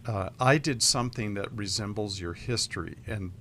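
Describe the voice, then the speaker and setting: A man with a lowish voice, speaking in a measured, advising way as a radio counselor. A faint hum of room noise sits behind him. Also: sharp tone. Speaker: co-host counselor. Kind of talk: radio advice talk.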